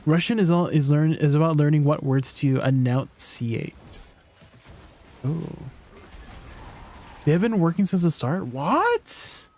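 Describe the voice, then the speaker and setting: A man's voice: a little high, animated, slow pace, pauses often, a little mellow, slight background noise. A man livestreaming a game, chatting casually in a rambling way with lots of fillers and laughing at himself. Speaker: streamer.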